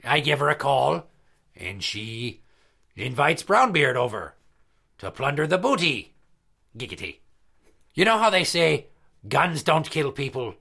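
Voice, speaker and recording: A crude, boastful pirate entertainer, played by a man, talking in a gravelly, bright voice slightly above the usual male range. He swears freely and spins his stories with swagger. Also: on the high side, very animated, unhurried, pauses often, full character voice. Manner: crude, profane storytelling. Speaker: regular character. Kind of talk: comedy podcast skit.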